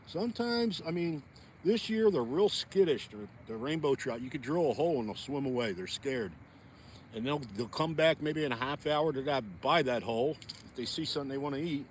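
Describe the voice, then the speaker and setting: A man's voice: mid-range voice, expressive, moderate pace, a little hiss or hum. A chatty, folksy man vlogging outdoors on a frozen lake, talking straight to his viewers. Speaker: fishing vlogger. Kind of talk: casual outdoor vlog talk.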